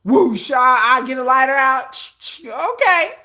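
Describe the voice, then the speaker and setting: A little slow in pace, a high, bright-voiced streamer delivers a casual, brash rant to her audience. Animated and profane, she acts out her comebacks with big pitch swings.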